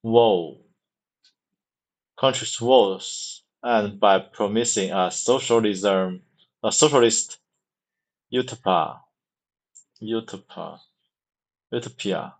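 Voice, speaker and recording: A man's voice: lowish voice, poor audio. A man reading a book aloud to practice his English, stopping to repeat words again and again. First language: Mandarin. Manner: halting, repeats words many times, restarts.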